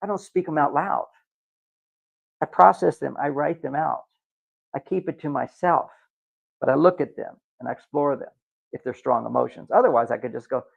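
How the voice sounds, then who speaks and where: A man's voice: a little high, normal speed, creaky, long pauses, breathy edge, highs cut off. A man giving a live talk to an audience, lecturing and acting out quoted voices. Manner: lecturing, acts out quoted voices with lively swings. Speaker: workshop speaker.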